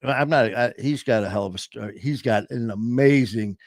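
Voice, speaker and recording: A man's voice: mid-range voice, brisk, no echo, clean studio sound. A man hosting a casual podcast, rambling and upbeat, often interrupting himself. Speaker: podcast host. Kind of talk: casual chat.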